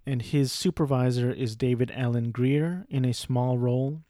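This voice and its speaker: Reviewing a film, a young man rambles and curses, with frequent restarts and detours into side comments. He speaks at a moderate pace in a mellow, mid-range voice with fairly even intonation, and the studio-quality recording has no room sound.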